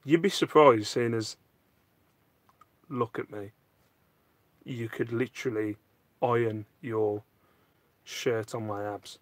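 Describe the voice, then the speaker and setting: A man chats casually on a live stream, reading viewer questions aloud and making jokes at his own expense. His voice sits at an ordinary middle pitch. The recording is close and dry, with little room sound. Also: slow pace, pauses often, no room sound. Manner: jokey, self-mocking, reads out comments. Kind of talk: casual chat. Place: home loft.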